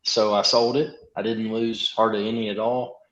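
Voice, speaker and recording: A man's voice: lowish voice, little pitch movement, normal speed. A man chatting as a guest on a livestream and explaining at length in a casual way. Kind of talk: casual chat. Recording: echoey, dull lo-fi remote audio.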